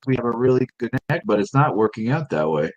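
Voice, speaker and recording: A man's voice: mid-range voice, big pitch swings, fast, no room sound, muffled recording. A man on a stream call, chatting casually and testing his audio while it breaks up. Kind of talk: casual chat.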